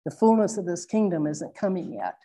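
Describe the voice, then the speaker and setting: Earnest woman teaching scripture, mellow voice. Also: on the low side, big pitch swings. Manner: earnest, reflective, slows to stress points. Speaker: Bible teacher. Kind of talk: sermon.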